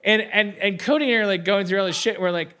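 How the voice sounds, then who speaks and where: A man with a bright, fairly high voice tells a story on a live stage, stammering and restarting as he goes. He rambles and breaks into acted voices. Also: fairly even intonation, very fast, smooth. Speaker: podcast host. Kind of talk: live comedy podcast storytelling. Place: live stage before an audience.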